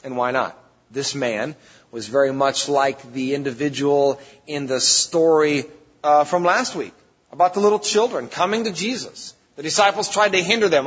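A man's voice: fairly high pitch, normal speed, fairly bright tone, husky. A man preaching a sermon as pastor, speaking emphatically and conversationally, with sudden bursts of force. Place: church sanctuary. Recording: dull lo-fi church recording with long reverb.

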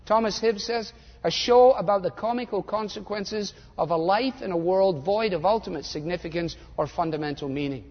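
High-voiced older preacher in a hall. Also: male voice, moderate pace. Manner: animated, sarcastic, mimics voices. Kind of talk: sermon. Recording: dull lo-fi audio in a reverberant hall.

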